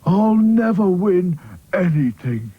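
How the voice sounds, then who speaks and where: A man doing a gloomy, slow-talking rag doll. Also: sits high, big pitch swings, breathy edge, phone-quality sound, voice pushed up, full character voice. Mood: glum. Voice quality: mournful, drawn-out grumbling.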